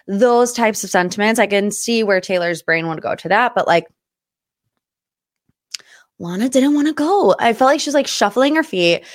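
A woman's voice: mid-range voice, expressive, moderate pace, no echo, studio quality. Chatty gossiping woman podcast host. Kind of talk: casual pop culture chat.

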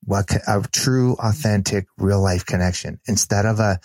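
Podcast guest, man with a lowish voice, earnest animated storyteller, dry close mic. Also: moderate pace, no room sound. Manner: earnest, animated retelling with restarts. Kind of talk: storytelling in casual conversation.

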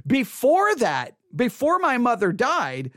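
A man with a fairly high voice tells a personal testimony to an audience. He talks earnestly, repeats himself, and moves between hushed and emphatic passages. The sound is dry and close. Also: wildly swooping pitch, takes it slowly, no echo. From Texas. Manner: earnest, repetitive, swings between quiet and emphatic. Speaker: speaker addressing an audience.

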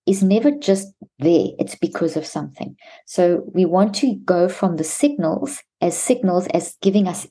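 A woman guest expert explaining calming steps for kids to parents, with frequent restarts and repeated words. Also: on the low side, husky. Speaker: guest expert on mental health.

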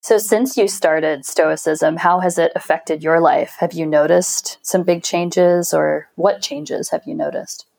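A woman's voice: lowish voice, steady tone, a little slow, creaky, few pauses, a little mellow. A woman hosting a casual interview podcast, affirming her guest and asking curious questions. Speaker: podcast host.

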